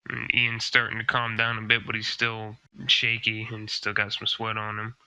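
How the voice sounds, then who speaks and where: A man's voice: on the low side, completely flat delivery, moderate pace, bright, forceful tone, smooth, dry recording, low-quality recording. A man playing a tabletop game, loosely describing his character, with some swearing. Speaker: player. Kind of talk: casual tabletop play.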